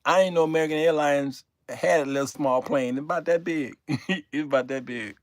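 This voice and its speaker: An older man hosting his own show, telling a comic story to his viewers in an animated way and laughing through his own punchlines. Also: on the high side, normal speed, no echo. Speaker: show host.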